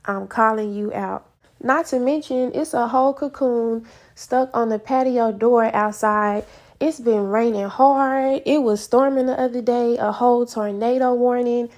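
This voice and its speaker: A woman's voice: on the high side, a little slow. A woman telling a personal faith testimony in a casual vlog, acting out her own prayers as she goes. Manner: animated storytelling, acts out her own quoted prayers. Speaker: faith vlogger.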